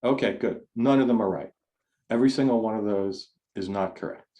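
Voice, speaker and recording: Low, mellow-voiced man giving an online talk. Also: a little fast. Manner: conversational, rambling with frequent restarts. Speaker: speaker. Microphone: video call.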